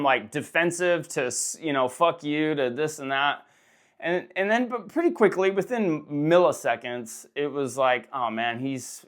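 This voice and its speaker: A middle-aged man hosting a frank, rambling personal monologue, swearing often and restarting his sentences. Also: a little high. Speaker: host.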